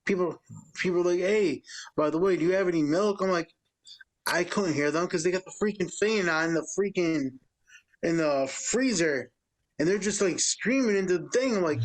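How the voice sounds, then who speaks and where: A man's voice: high-pitched, normal speed, poor audio. A man chatting casually on a podcast, telling rambling work stories and quoting himself often. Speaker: podcast co-host, store worker. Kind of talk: casual chat.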